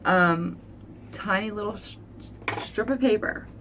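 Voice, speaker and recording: A woman vlogger telling a painful personal story in an earnest, halting, confessional way. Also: medium pitch, a bit bright, slight background noise. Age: adult. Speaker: beauty vlogger.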